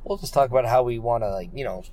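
A man co-hosting a casual wrestling podcast talks fast at a middling pitch with a warm tone. He rambles, piling up fillers and restarting sentences as he works through each thought.

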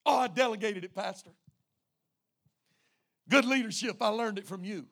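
A breezy, boastful church volunteer played by a preacher, brushing things off in an easy, self-assured way. The voice sits high with a gravelly edge. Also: male voice, expressive, measured pace, fairly bright tone, exaggerated voice. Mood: smug.

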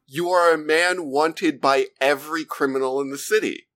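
A man's voice: on the high side, fairly even intonation, moderate pace, a bit bright. A man co-hosting a podcast, chatting casually and commenting in a wry, incredulous way. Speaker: podcast co-host. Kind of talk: casual chat.

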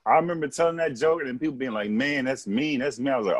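A male comedian in casual chat, a rapid storyteller who acts out quoted lines. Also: mid-range voice, no room sound. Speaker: comedian guest.

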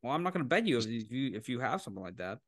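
A man co-hosting a casual sports betting podcast, animated and incredulous, quick to laugh. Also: medium pitch, no room sound, clean studio sound. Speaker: podcast co-host making picks.

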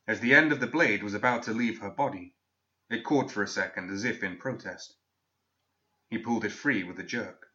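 Low-voiced man narrating a fantasy story. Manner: measured, steady reading. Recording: dull lo-fi recording.

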